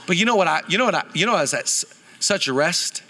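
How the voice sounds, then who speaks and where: A pastor in his thirties preaching a sermon at a church service, animated and joking, calling on the congregation to answer back. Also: sits high, fast talker. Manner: animated and humorous, calls on the congregation for responses.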